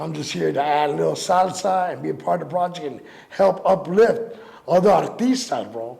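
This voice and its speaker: A man's voice: fairly high pitch, animated, moderate pace, vocal fry. A middle-aged man, a rapper telling profane stories in an interview and acting out other people's voices. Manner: profane, acts out quoted voices. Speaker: rapper and DJ guest. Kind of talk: animated storytelling interview.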